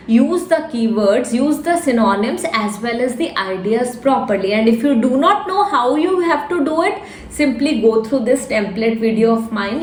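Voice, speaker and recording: A woman's voice: a little high, a little hiss or hum. A woman with an Indian English accent, teaching exam tips in a direct, emphatic way that repeats key points. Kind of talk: instructional talk to camera. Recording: echoey room, faint ambience.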